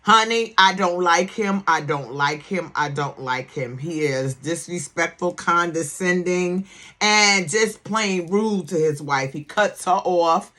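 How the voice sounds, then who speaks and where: A woman's voice: lowish voice, slow pace, a bit bright. A woman giving casual commentary on a TV series. She talks in a sassy, emphatic way, repeats words for emphasis and keeps checking in with the listener. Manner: sassy, emphatic, keeps asking "okay?" for agreement. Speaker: TV series reviewer.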